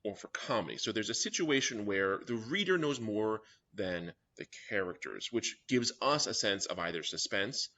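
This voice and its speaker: A man with a lowish, bright voice lectures a young writers' class, walking through each point and checking in with "all right?" after each one. The recording sounds dull and lo-fi. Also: expressive, moderate pace, hardly any pauses. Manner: explains step by step, often checking in with "all right?". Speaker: writing workshop teacher.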